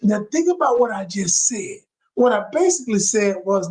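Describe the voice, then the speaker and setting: A man's voice: high-pitched, sing-song, moderate pace, breathy edge, poor audio. A man giving relationship advice in a live coaching talk to his viewers, emphatic and repeating key phrases, calling listeners y'all.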